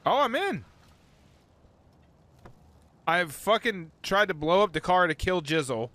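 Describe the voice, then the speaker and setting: Game streamer, male, high animated delivery, cursing and yelping at the game. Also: unhurried, no room sound. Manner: excitable, swears a lot, sudden yelps. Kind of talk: live gameplay commentary.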